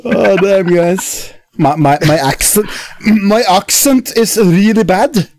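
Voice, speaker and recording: A man's voice: high voice, takes it slowly, darkish tone, no room sound. A man with a Norwegian accent hosting a casual livestream chat, crude, swearing and giggly. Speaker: stream host.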